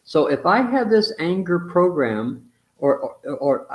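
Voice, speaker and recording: Brief: talkative man, somewhat high voice, blunt and rambling, swears casually. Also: sing-song, takes it slowly. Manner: rambling, blunt, mild swearing, acts out quotes. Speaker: relationship teacher in a conversation. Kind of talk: casual discussion.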